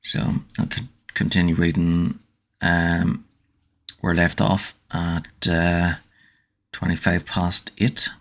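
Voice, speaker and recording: A man's voice: sits low, flat delivery, takes it slowly, long pauses. A man reading a novel aloud on a livestream and chatting with viewers, hesitant with many fillers and restarts. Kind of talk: audiobook-style reading and casual chat.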